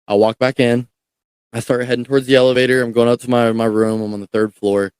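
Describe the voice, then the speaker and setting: A young man, a podcast guest, telling a story in a casual, animated way, swearing and repeating words as he goes. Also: mid-range voice, fast talker, clean tone, dry recording.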